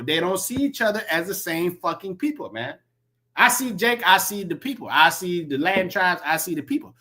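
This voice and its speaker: A man with a high, pushed, bright voice delivers profane, emphatic preaching as a religious commentator. He repeats himself and reads scripture aloud.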